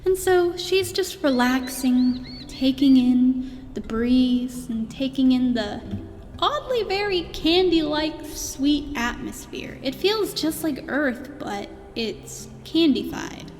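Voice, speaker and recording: A woman voicing a gentle space princess who tells a bedtime story in a meandering way, with fillers and restarts. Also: sits high, lively intonation, slow pace. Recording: long reverb with faint music.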